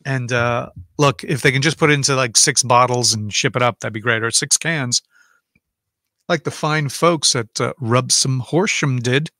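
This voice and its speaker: A man's voice: mid-range voice, moderate pace, bright, forceful tone, no echo. Chatty man on a dry close mic. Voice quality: chatty, rambling, reads viewer comments aloud and answers them. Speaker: livestream host answering viewer chat. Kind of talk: casual livestream chat.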